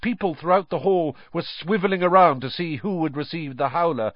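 A man reading a children's novel aloud as audiobook narrator, with expressive storytelling. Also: on the high side, a little fast, dry recording. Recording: dry, dull lo-fi recording.

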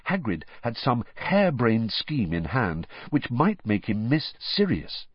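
A man narrating an audiobook with expressive, varied storytelling. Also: mid-range voice, a little slow, slightly rough, dry recording. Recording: dull, dry lo-fi recording.

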